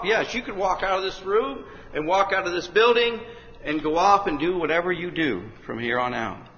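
A man preaching an urgent revival sermon in a large hall, rising to shouts at the climaxes. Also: on the high side. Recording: dull, echoey hall with faint noise.

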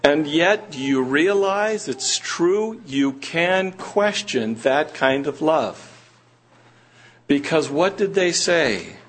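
A man delivers a sermon at an unhurried, deliberate pace, his voice somewhat husky and pitched a little high. He presses his listeners with earnest, rising questions. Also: animated, a bit bright. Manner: slow, earnest preaching with rising emphatic questions. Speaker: preacher. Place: church meeting room.

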